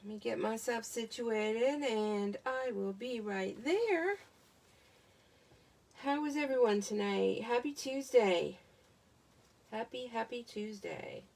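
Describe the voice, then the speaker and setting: A woman's voice: fairly high pitch, lively intonation, takes it slowly, vocal fry, darkish tone. An American woman with a Southern accent hosting a crafting livestream from home, chatting casually and greeting viewers by name as she talks into a tablet. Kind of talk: casual live-stream chat.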